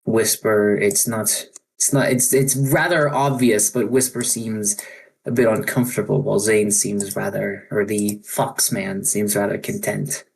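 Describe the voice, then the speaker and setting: A man narrating as game master of a tabletop game online, halting often with ums and restarts. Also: on the low side, flat delivery, vocal fry, slightly rough, poor audio. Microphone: online voice chat microphone.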